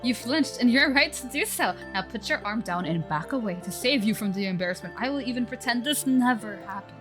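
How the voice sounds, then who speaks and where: Slightly high and a little quick, her natural voice stays animated as she voices a scheming ancient spirit that possesses a young woman. The game dialogue, streamed live, comes out formal, condescending and archaic over loud game music.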